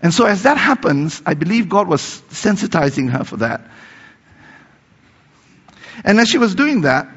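A man preaching a sermon, retelling a story with emphatic rises and soft, hushed passages. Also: high voice, big pitch swings, moderate pace, long pauses, slightly rough. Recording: long reverb, dull lo-fi sound.

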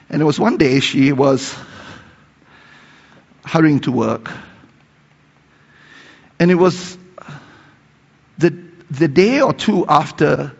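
A gravelly, husky male preacher telling a story in a sermon, rising to emphatic peaks and then dropping to hushed tones. His voice rings with a long reverb in a large hall. The recording sounds dull and lo-fi. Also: medium pitch. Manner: retells a story with emphatic rises and soft, hushed passages.

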